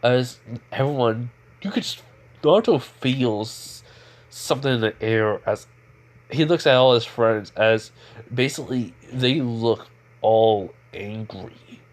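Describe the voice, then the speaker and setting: A man's voice: mid-range voice, takes it slowly. A man casually narrating an improvised fan-fiction story, rambling along with many fillers and self-corrections.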